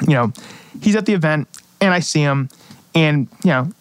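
A man's voice: fairly high pitch, no room sound. A man hosting a podcast, telling stories in a casual chat full of fillers. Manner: fast, animated storytelling with lots of fillers. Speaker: podcast host.

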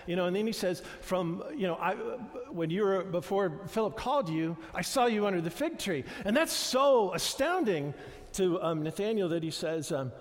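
A man preaching a conversational sermon, retelling scenes with animated voices and many fillers and restarts. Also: high-pitched, normal speed, in a large hall. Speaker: pastor.

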